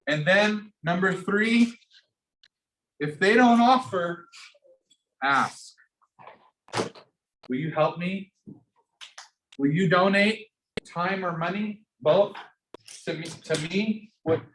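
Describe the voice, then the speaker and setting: Energetic man coaching a class. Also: sits high, slow pace, long pauses, far from the mic. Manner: energetic, coaching, repeats and restarts phrases. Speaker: teacher of an entrepreneurship class. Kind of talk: classroom teaching. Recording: echoey room, speaker off-mic, faint noise.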